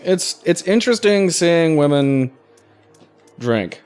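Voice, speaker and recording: A man's voice: on the high side, animated, slow pace, a little mellow, clear, resonant tone, soft background music. A man playing a video game and chatting casually with a co-host, jokey and crude. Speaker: let's play player and co-host. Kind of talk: casual chat while playing.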